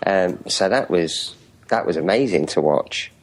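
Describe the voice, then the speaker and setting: Male co-host from England, lively swooping pitch, playful riffing. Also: unhurried, rough recording. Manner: playful, riffs and does silly voices. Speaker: podcast co-host. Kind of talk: casual podcast chat.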